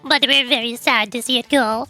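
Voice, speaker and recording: A bubbly young announcer calling out to the crowd, high-pitched and loud, with showy game-show flair, as a woman reads her lines. Her voice stays lifted and eager. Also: steady tone, moderate pace, soft background music. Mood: hyped. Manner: bright, showy, hyped. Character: peppy young female event announcer.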